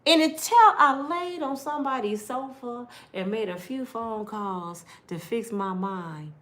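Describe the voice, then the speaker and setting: A middle-aged woman vlogger giving heartfelt life advice in an animated, preachy big-sister way. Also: on the high side, measured pace.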